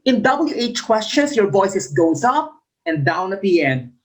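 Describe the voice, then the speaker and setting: A woman's voice: medium pitch, big pitch swings, unhurried, low-quality recording. A woman teaching an exam review lesson. She reads each question and its options aloud, then explains and repeats the answer, modeling example sentences with exaggerated intonation.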